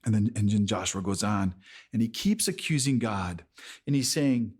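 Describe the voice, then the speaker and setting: A man preaching a verse-by-verse sermon, slowly, often restarting and repeating words. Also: lowish voice, lively intonation, a little mellow, slightly rough. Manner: slow, with repeated restarts and frequent stammered words. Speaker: pastor.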